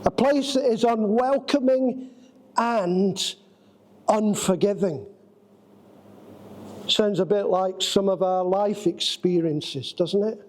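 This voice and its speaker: Man, preacher, sermon in a church, very high voice, slow deliberate storytelling. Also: rough recording. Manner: anecdotal storytelling, drawn-out dramatic phrasing.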